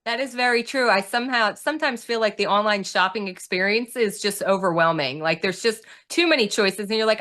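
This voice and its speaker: A woman's voice: mid-range voice, a little fast, few pauses, a bit bright. A woman hosting a podcast, chatting casually and adding emphatic asides of her own. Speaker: podcast host.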